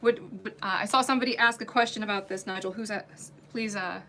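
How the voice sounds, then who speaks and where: A woman's voice: medium pitch, fairly even intonation, fast talker, pushed and bright, a little hiss or hum. A woman hosting a casual livestream as a wig reviewer, chatty and giggly, with lots of fillers. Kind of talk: casual livestream product chat.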